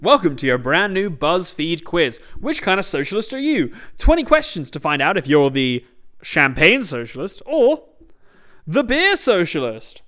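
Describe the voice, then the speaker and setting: A man putting on a perky male online-quiz announcer with a bright, salesy delivery. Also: on the high side, sing-song, moderate pace, pitched above the performer's own voice. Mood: chirpy.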